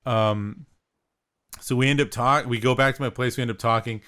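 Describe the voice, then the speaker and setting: A young man co-hosting a podcast, telling a story in a relaxed, rambling way with lots of filler words. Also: medium pitch, normal speed. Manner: laid-back, rambling, with lots of "like". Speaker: podcast co-host. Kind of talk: casual storytelling.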